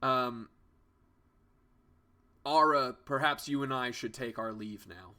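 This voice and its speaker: A man's voice: medium pitch, slow, sharp tone. A man doing a hearty male dwarf. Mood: gruff.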